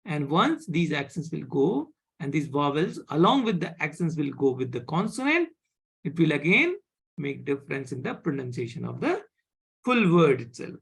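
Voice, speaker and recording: Indian-accented teacher, online language class, lively up-and-down pitch, slightly breathy. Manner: slow, repeats words, asks "right?" often. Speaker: French teacher.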